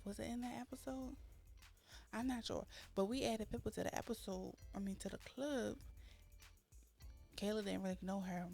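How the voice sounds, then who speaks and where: A woman's voice: mid-range voice, gravelly, a little mellow. A woman hosting a let's-play, chatting casually as she narrates her game and acts out her characters' lines with dramatic flair. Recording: faint background music.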